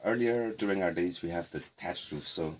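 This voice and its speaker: Man, middle-aged, lowish voice, relaxed tour-guide talk, faint background noise. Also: moderate pace. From Nagaland, India. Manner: relaxed, explanatory, playful asides. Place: indoor heritage house.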